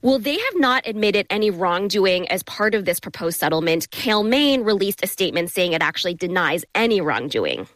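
A woman correspondent calmly explaining a news story in a radio interview, with a light playful touch. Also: mid-range voice, normal speed, hardly any pauses, no echo.

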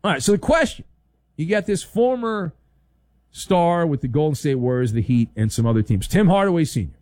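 Middle-aged guy doing sarcastic sports takes, bouncy lively voice, dry sound. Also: a little high, a little fast, no room sound. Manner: animated, sarcastic, acts out little scenes in funny voices. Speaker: sports talk show host. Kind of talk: opinionated sports commentary.

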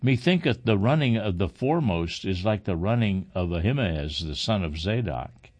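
A man's voice: sits low, expressive, normal speed, darkish tone. A man reading the part of a watchman calling down from the wall. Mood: alert.

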